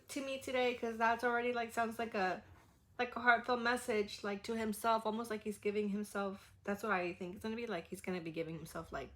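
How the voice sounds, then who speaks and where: A woman's voice: fairly high pitch, a bit bright. Emotional woman gushing over music. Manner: gushing, emotional, many fillers and restarts; heavy use of "like". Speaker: music reaction host. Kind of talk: casual reaction commentary.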